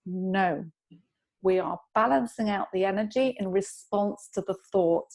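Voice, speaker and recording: A woman guest on a podcast, calmly explaining a self-help technique and telling anecdotes in an instructive way. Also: mid-range voice, normal speed. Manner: calm, instructive, tells anecdotes. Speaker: EFT tapping practitioner, guest. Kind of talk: explaining in an interview.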